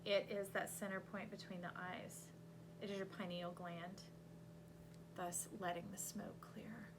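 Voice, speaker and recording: A woman reading tarot cards aloud in an animated, coaching way, with sudden loud bursts. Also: mid-range voice, unhurried, background noise. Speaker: intuitive tarot reader.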